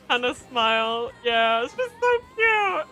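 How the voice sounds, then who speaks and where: A woman streamer reacts live with a very high, bright voice that swoops around a lot. She talks slowly and giggles often between gushing remarks, with faint music behind her.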